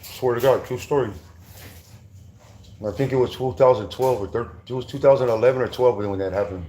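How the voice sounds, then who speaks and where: A middle-aged man from Southern California, once incarcerated, tells prison stories briskly in casual, profane street slang with many restarts. His voice is medium-pitched and dark, against slight background noise.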